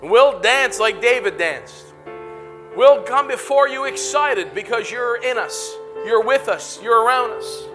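A man's voice: very high voice, animated, a little slow, over music. A man preaching as pastor in a church auditorium, laughing often and calling out to the congregation. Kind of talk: sermon and altar call.

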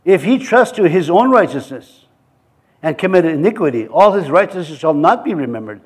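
A man's voice: on the high side, big pitch swings, moderate pace, slightly rough. A man preaching a sermon in a church, mixing scripture readings with joking, chuckling asides. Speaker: pastor.

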